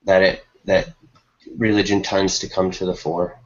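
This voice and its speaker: A man asking measured questions in a casual online discussion. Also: low-pitched, little pitch movement, dull audio. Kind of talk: casual online debate chat.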